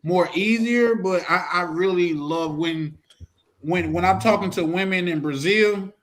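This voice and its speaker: A man with a notably high voice for a man, chatting on a roundtable stream. He jokes around in slang and tells little stories. His delivery is loose and casual. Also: unhurried, a bit bright. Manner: joking, slangy, storytelling. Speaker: roundtable participant. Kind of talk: casual group chat over a stream.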